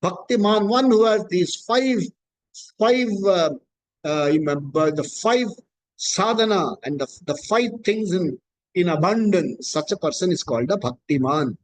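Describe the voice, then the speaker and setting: High-voiced man teaching scripture. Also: lively intonation, measured pace, low-quality recording. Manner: patient, explanatory, repeats key points. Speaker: spiritual teacher. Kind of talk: scripture discourse.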